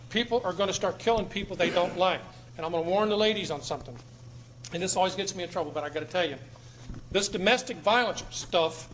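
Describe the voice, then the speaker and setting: A man giving a public talk to a live audience in a room, emphatic, repeating words and swinging between loud and low. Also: slight background noise. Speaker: speaker addressing an audience.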